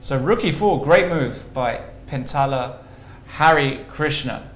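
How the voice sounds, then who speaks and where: A man's voice: medium pitch, animated, slow. A male chess commentator who jokes and laughs as he talks through the moves. His voice sits in the middle range. The room around him is echoey, with a faint hiss behind. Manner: jokey, laughs often, thinks aloud over moves.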